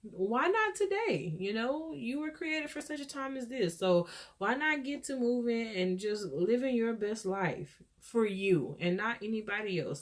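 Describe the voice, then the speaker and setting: A Texan woman with a mid-range, darkish voice hosts her own podcast, rambling solo through an encouraging, preachy pep talk in a scattered way.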